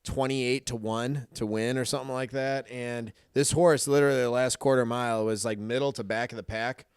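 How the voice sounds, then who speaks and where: A man's voice: mid-range voice, steady tone, fairly quick, clean tone, no room sound, studio quality. A man co-hosting a casual podcast, easygoing and laughing along as he tells a story. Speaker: podcast co-host. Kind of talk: casual chat.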